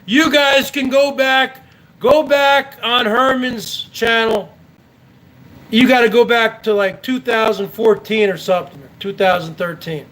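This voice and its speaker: Male stream host, high-pitched, unhurried, sarcastic and profane. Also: fairly even intonation, a bit bright, rough recording. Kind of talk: ranting livestream commentary.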